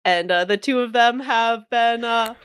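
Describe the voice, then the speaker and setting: A woman's voice: a little high, a little slow, fairly bright tone, clear, resonant tone, no echo, clean studio sound. Giggly game master woman. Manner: casual, giggly, lots of fillers. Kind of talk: narrating a tabletop game.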